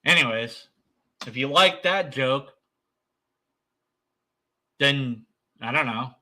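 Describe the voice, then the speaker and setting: A man's voice: mid-range voice, expressive, slow pace, sharp tone. A man giving rambling, sarcastic commentary while reacting to a video. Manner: rambling, mocking, sarcastic asides.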